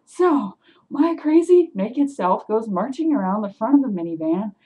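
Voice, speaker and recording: A woman telling an animated story to her webcam at home, getting loud and worked up as she goes. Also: fairly high pitch, normal speed, husky, poor audio. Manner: animated, swings into loud agitated retelling. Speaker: vlogger.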